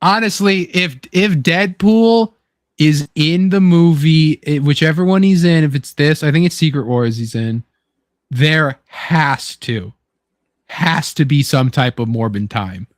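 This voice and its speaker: A young man hosting a casual chat, excitable and swearing freely, acting out quotes as he talks. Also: fairly high pitch, unhurried, no room sound, clean studio sound. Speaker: podcast host.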